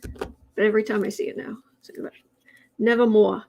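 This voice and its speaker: A woman's voice: medium pitch, level tone, quick pace, vocal fry, a little hiss or hum, low-quality recording. A woman hosting a tarot and astrology livestream, chatting casually and reading out viewer comments with rambling restarts. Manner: chatty, rambling, with frequent restarts and soft laughs.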